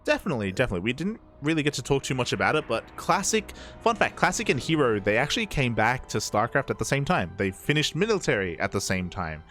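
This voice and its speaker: A man casting a live strategy game, calling the action and getting louder and higher at big moments. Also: fast, hardly any pauses. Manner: excitable, rising pitch at big moments. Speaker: esports caster. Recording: faint game music underneath.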